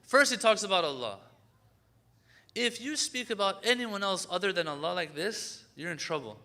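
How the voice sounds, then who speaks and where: A man giving a conversational religious lecture, switching to fast recitation of Arabic supplication lines. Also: high voice, animated, bright, forceful tone. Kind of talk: sermon. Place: lecture hall.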